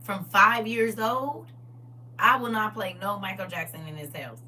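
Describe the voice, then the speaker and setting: A woman's voice: mid-range voice, a little slow, far from the mic, slight background noise. A middle-aged woman hosting a live stream, chatting casually and laughing a lot. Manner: animated, laughing, exclaiming. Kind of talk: casual chat.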